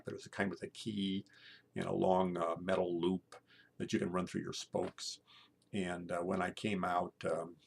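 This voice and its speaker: A man in his sixties tells a personal story, stopping and restarting with many fillers. His voice is low, with a heavy gravelly fry. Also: a little hiss or hum. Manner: halting, full of fillers. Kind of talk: personal story told aloud.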